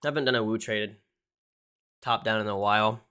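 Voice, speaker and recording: A man's voice: lowish voice, fairly quick, sharp tone, clean tone. Casual swearing man hosting a crypto stream. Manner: casual, swears often, says "dude" and "um" a lot. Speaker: crypto livestream host. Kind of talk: casual livestream chart analysis.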